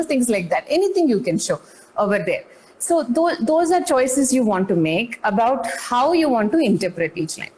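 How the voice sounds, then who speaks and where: A young woman, a guest dance artist explaining lyrics in a conversational interview, animated and full of fillers and restarts, often acting out lines. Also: medium pitch, low-quality recording.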